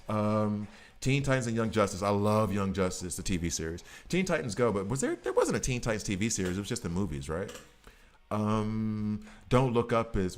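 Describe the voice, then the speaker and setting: A man streaming a game, chatting casually in a rambling, jokey way. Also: fairly low pitch. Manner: animated, rambling, jokey, breaks into quick voices. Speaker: gaming streamer. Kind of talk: casual chat while gaming.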